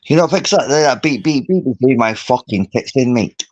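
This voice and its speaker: A man's voice: mid-range voice, lively intonation, a little fast, darkish tone, no room sound. A man in a casual voice chat, rambling, slangy and swearing a lot. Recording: dull garbled online call audio.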